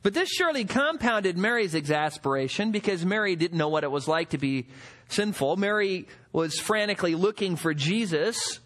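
A male pastor delivering a sermon with a high, expressive voice. He swings widely up and down in pitch, reading verses and asking the room rhetorical questions, then dropping into acted-out quotes of the people he describes. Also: normal speed.

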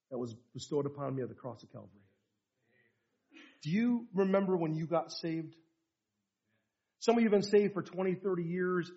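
A middle-aged American man, a pastor preaching a sermon, telling a story and moving from hushed tones to fervent bursts. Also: high voice, muffled recording. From United States.

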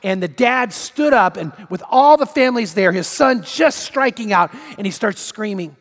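A man with a high voice delivers a sermon from the pulpit. He preaches emphatically, repeating his main points and voicing the people he quotes. His words carry a long reverb through a large church hall. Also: lively intonation, moderate pace, hardly any pauses. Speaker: pastor.

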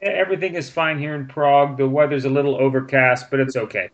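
A man's voice: medium pitch, steady tone, fast talker, dull audio. A man patiently explaining English grammar with example sentences in a casual spoken lesson. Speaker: English teacher. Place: in Prague.

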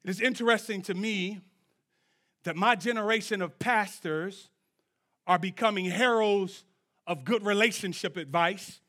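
A man preaching a sermon in church, swinging from low, quiet lines to shouted peaks and drawing answers from the congregation. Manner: call-and-response with the congregation. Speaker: pastor.

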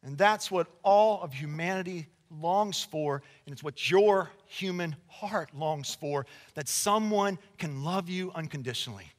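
A man preaching a sermon to a congregation, emphatic and conversational, swinging between loud declarations and hushed passages. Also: on the high side, a little slow, hardly any pauses. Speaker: pastor. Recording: long reverb of a large hall.

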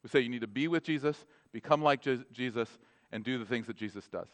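A man, a pastor with children, preaching a sermon in a conversational, animated way and acting out short dialogues. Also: medium pitch, fast talker. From North America. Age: adult with children.

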